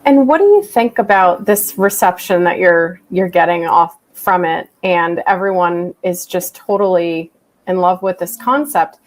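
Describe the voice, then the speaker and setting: A woman's voice: lowish voice, measured pace. A woman podcast host who asks open-ended interview questions and backs the guest up with short "mm-hmm"s.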